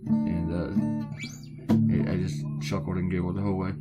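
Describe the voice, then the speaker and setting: A man's voice: deep voice, level tone, normal speed, over music. A middle-aged American man chatting casually while he draws a cartoon, rambling with sarcastic asides. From United States. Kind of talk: casual chat while drawing.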